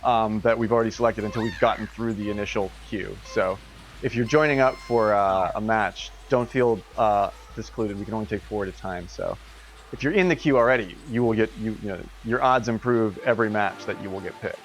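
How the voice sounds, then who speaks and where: A man's voice: fairly low pitch, fairly quick, faint music behind. A man streaming a golf game, chatting casually, laughing often and swearing freely. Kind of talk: casual live game commentary.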